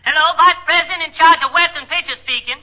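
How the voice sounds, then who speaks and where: An actor playing a brusque, busy Western studio executive on the phone in 1940s radio comedy. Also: male voice, extremely high pitch, quick pace, pushed and bright, heavily acted. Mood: curt. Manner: curt, busy. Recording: muffled vintage radio broadcast.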